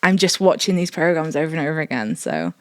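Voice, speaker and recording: A woman's voice: sits low, sing-song, quick pace, no echo, studio quality. A woman comedian talking as a podcast guest, chatty and rambling with lots of fillers and restarts. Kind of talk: casual chat.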